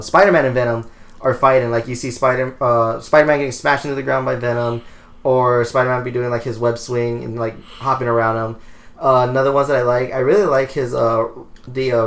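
A young man co-hosting a casual podcast, talking loosely and rambling with lots of fillers. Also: medium pitch. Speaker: podcast co-host.

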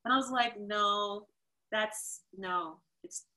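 Woman, from New York, podcast guest, storytelling, animated, bright clear voice. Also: takes it slowly. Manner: animated, acts out quotes with big jumps in pitch. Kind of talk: casual storytelling interview.

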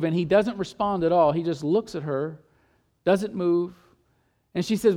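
A man's voice: high-pitched, a little slow, mellow. A man preaching a sermon, telling Bible stories with emphasis and often repeating words as he goes.

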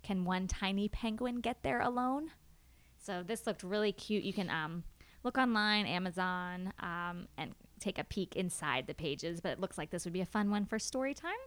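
A woman's voice: mid-range voice, normal speed. Woman, library podcast co-host, casual chat, giggly, reads lines aloud. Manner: giggly, animated when reading lines aloud. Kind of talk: casual chat, reading picture books aloud.

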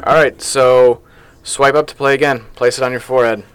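A man's voice: mid-range voice, fairly even intonation, a little fast, smooth. Playful man hosting a party game. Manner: laughs often, upbeat and playful. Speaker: podcast host. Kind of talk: casual chat, running a party game. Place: newspaper office studio.

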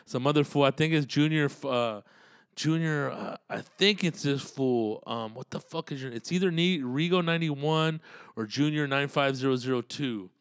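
A man with a clear, resonant mid-range voice speaks at normal speed in a studio-quality recording with no echo. He's a comedian hosting his own podcast, rambling through a loose monologue packed with cursing and street slang.

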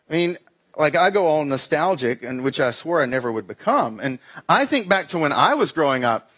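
High-voiced pastor preaching conversationally. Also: male voice, fairly bright tone. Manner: conversational, self-deprecating storytelling with acted-out asides. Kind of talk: sermon.

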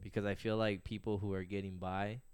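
A man co-hosting a podcast in casual chat, telling stories in an animated, chatty way. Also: on the low side, fairly quick, slight background noise. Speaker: podcast co-host.

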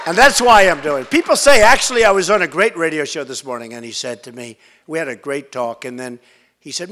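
A man's voice: on the high side, animated, a little fast, fairly bright tone. An older man giving a campaign rally speech in a large school hall, talking in an emphatic, repetitive and rambling way. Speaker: political candidate.

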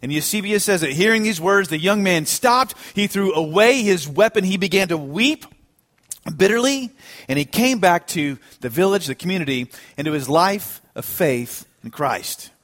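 A man preaching a sermon, telling a story with animated, emphatic delivery that builds to strong peaks. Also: high voice, moderate pace. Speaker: pastor.

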